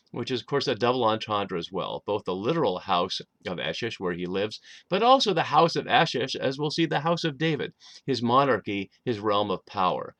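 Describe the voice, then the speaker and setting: A man's voice: lowish voice, sing-song, normal speed, a bit bright, no echo. A man lecturing on a Bible passage, thoughtful and explanatory, with frequent fillers. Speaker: Bible teacher. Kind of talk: lecture on scripture.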